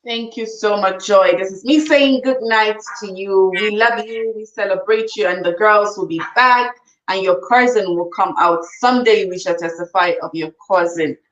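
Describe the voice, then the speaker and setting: A woman's voice: mid-range voice, moderate pace, a bit bright, lo-fi sound. Effusive woman hosting a live show. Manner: effusive, blessing and thanking repeatedly. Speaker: host. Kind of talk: live online show host.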